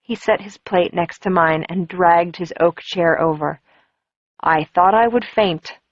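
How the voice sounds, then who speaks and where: Brief: woman narrator, lowish voice, dry, dull lo-fi audiobook sound. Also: measured pace, dry recording. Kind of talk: first-person audiobook narration.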